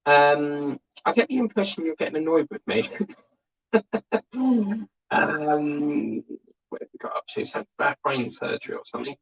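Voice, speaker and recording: A man's voice: a little high, vocal fry, slightly rough, dull audio. A man hosting a model-building livestream, chatting in a rambling way and reading out viewer comments. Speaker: model-kit livestream host. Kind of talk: rambling casual livestream chat.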